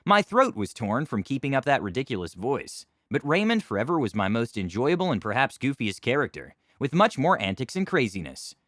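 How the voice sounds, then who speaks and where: A man's voice: mid-range voice, very animated, a little fast, few pauses, a bit bright, dry recording, studio quality. Wry male story narrator.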